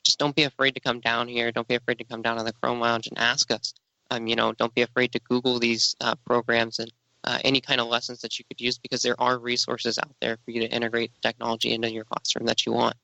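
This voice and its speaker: A teenage boy talks quickly in a flat, gravelly, bright voice, repeating phrases to drive his point home. The sound is dry and a little muffled. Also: medium pitch, no echo. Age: teens. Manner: encouraging, repeating himself for emphasis. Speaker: high school student guest.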